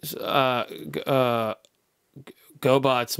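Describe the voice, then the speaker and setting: A man's voice: mid-range voice, lively intonation, normal speed, gravelly, a bit bright, no room sound, studio quality. A man co-hosting a podcast in casual, teasing banter, often restarting his words. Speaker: podcast co-host.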